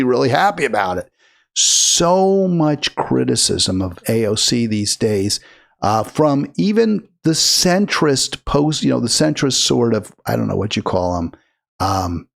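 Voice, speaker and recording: Gravelly-voiced sarcastic male commentator. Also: medium pitch. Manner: sarcastic, mocking, rambling. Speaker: host of a political call-in show. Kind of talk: live political commentary.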